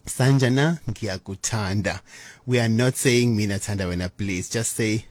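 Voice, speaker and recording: A man presenting on the radio from a studio, exuberant and teasing, with sudden high exclamations. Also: sing-song, a little slow, dry recording. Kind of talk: playful radio presenting with a language lesson.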